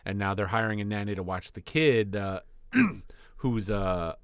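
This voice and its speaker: A man's voice: lowish voice, unhurried, clear, resonant tone, dry recording, studio quality. A man co-hosting a podcast, rambling casually with profanity and laughter. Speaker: podcast co-host. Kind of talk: casual chat.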